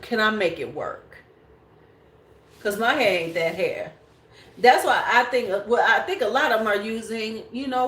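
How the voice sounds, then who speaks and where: A woman's voice: mid-range voice, a bit bright, slight background noise. A woman in her forties hosting a beauty livestream, chatting casually and bluntly with viewers and swearing freely. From United States. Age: 40s. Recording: echoey room.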